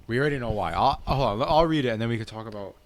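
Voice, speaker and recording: A man's voice: medium pitch, expressive, racing. A young man chatting casually on a podcast, reading his own story draft aloud, rambling with many restarts. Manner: rambling, restarts, lots of 'like'. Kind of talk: casual chat.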